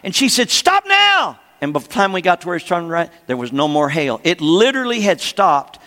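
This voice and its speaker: A man's voice: on the high side, animated, brisk, a bit bright. An older man preaching a sermon, emphatic and repeating phrases, often asking the congregation for an amen. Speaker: pastor. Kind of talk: sermon teaching. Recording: long hall reverb.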